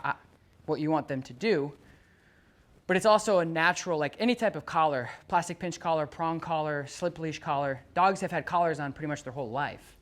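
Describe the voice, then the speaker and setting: A dog trainer giving a live demonstration while walking a dog on a leash. The trainer talks steadily and plainly when explaining to the owner. Then the voice jumps up, loud and bright, to call and praise the dog. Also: mid-range voice.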